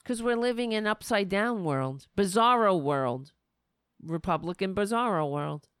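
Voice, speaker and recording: A woman's voice: mid-range voice, expressive, a little slow, a bit bright, clean tone, no room sound. Indignant woman ranting, dry sound. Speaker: political commentary host. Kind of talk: opinionated monologue.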